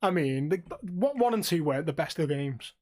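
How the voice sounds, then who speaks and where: A man's voice: on the high side, lively intonation, darkish tone. A man, co-hosting a podcast, telling stories in casual chat with lots of swearing and restarts. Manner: swearing, storytelling, quick rambling restarts. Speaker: podcast co-host.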